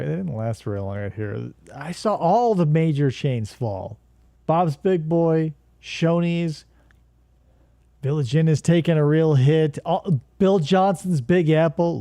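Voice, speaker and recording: A man's voice: on the high side, expressive, measured pace, creaky, warm tone, no echo. A man from Arizona co-hosting a casual talk show, rambling through crude, jokey commentary on old commercials. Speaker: podcast co-host reacting to old commercials. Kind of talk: casual chat.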